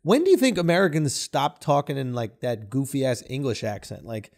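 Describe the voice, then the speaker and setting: A man in his thirties from New York co-hosting a podcast, riffing and joking in an animated way. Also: medium pitch, fairly quick. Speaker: podcast co-host. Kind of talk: casual chat.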